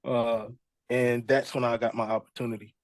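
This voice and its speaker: A man's voice: medium pitch, moderate pace, no room sound. A young adult man, a music artist, casually telling his story as an interview guest and acting out what people said to him. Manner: relaxed storyteller, acts out quoted dialogue.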